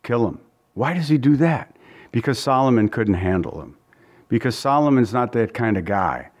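A man's voice: medium pitch, big pitch swings, normal speed. Man, pastor, verse-by-verse bible teaching, folksy, conversational, repetitive phrasing.

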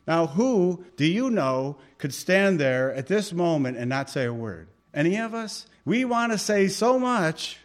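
A man preaching a conversational sermon, reading scripture aloud with force and dropping into soft asides. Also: fairly high pitch, a little slow. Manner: animated, swings between loud reading and soft asides.

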